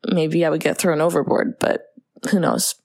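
A young woman co-hosting a podcast in casual chat, animated and swearing, breaking into playful impressions. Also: sits low, moderate pace, husky. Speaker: podcast co-host.

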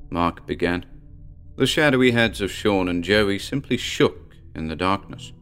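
A man reading a scripted story as narrator in a calm, measured way. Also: sits low, clean tone, soft background music.

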